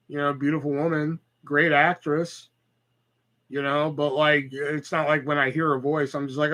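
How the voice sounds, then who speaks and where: A man's voice: on the high side, a bit bright, poor audio. A man in his thirties hosting a casual solo podcast, rambling and profane with lots of fillers and stutters. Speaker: podcast host.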